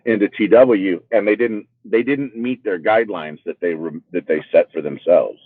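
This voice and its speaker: A man's voice: low-pitched, normal speed, breathy edge, no echo. A man co-hosting a casual game livestream, rambling and restarting his sentences as he makes his point. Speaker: livestream co-host. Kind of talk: casual chat. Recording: tinny phone-like line.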